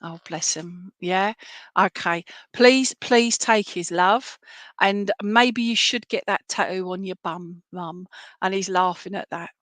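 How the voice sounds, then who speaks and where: A woman's voice: on the low side, slow, a bit bright, no room sound. A woman medium giving clairvoyant readings in an online service, chatty and affectionate, often checking in with "all right?". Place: home, by herself.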